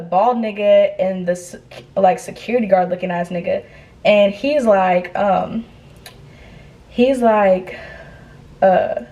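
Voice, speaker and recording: A young woman casually recounting a wild night in a storytime vlog, animated and full of profane slang. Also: mid-range voice, lo-fi sound. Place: indoors, getting ready.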